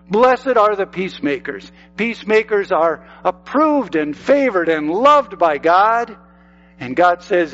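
Older guy preaching slow n emphatic, highish voice, bit dull sound, faint music behind. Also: very animated, a bit bright. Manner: emphatic, repeats phrases for effect. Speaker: pastor. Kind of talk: sermon.

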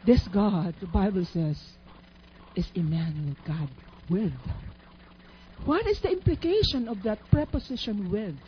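A woman's voice: mid-range voice, expressive, measured pace, slight background noise. A woman preaching a sermon in an emphatic, teacherly way, asking her listeners questions. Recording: dull lo-fi recording.

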